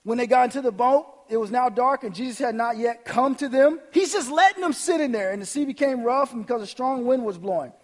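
A man's voice: very high voice, brisk, few pauses, big-room sound. A man preaching a sermon, reading scripture aloud and asking his listeners rhetorical questions with emphasis. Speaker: pastor.

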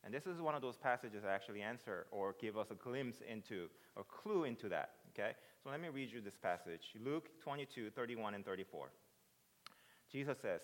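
A man preaching a sermon, moving between hushed reflection and loud, excited retelling. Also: medium pitch, brisk. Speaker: pastor. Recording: preached in a reverberant hall.

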